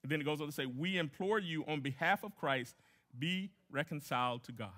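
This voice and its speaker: Bright-voiced man preaching a sermon. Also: fairly high pitch, brisk. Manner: emphatic, repeats key phrases; asks the congregation questions. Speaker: guest pastor.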